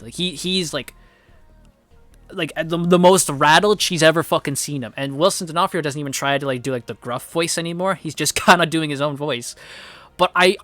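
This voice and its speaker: A young man casually reviewing a TV episode, rambling excitedly with constant swearing and fillers. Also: fairly high pitch, no echo.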